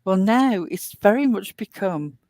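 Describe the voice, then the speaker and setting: A woman's voice: mid-range voice, animated, a little slow, darkish tone, no room sound, studio quality. A woman hosting a casual online talk show, chatting at length in a rambling way with plenty of fillers. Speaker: host. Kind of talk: casual podcast chat.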